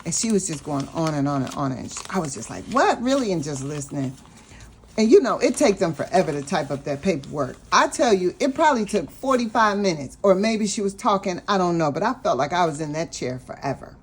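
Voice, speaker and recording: A woman vlogging about her budget, telling a personal story in a chatty, animated way and talking straight to her viewers. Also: lowish voice, a little fast, breathy edge. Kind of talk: casual storytelling vlog.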